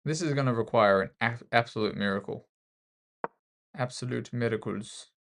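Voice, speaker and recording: A man's voice: medium pitch, moderate pace, gravelly, a bit bright. A man with an Australian accent giving casual, self-mocking live commentary while playing chess. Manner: self-mocking, joking banter with the opponent. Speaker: chess streamer.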